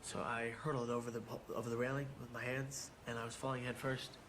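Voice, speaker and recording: A man telling a personal story in a documentary interview, halting and repeating his words as he goes. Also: mid-range voice, little pitch movement, noisy background. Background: music.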